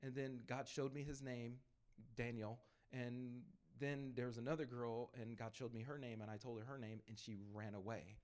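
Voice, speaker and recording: A man on a panel sharing his evangelism experiences as a lively storytelling testimony, laughing between anecdotes and acting out bits of dialogue. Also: medium pitch. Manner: acts out dialogue in quick asides.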